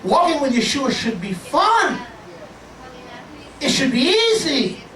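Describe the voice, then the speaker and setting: High-voiced preacher in an echoey hall. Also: male voice, takes it slowly. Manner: animated preaching with jokes and acted-out voices. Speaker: pastor. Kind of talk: sermon. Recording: echoey room, distant from the mic, faint ambience.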